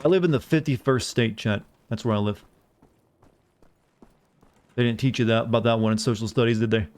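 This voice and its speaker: Male game streamer, rapid casual commentary, teasing, chatting to viewers. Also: medium pitch, darkish tone. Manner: teasing, evasive, talks over gameplay. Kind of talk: casual gaming commentary to chat.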